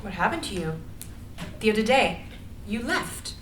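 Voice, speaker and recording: A woman's voice: medium pitch, sing-song, measured pace, far from the mic. A woman playing an irritable, sarcastic young woman facing deportation, in a screenplay reading. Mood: weary. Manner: irritable, sarcastic, yelling at times. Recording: echoey room, light noise.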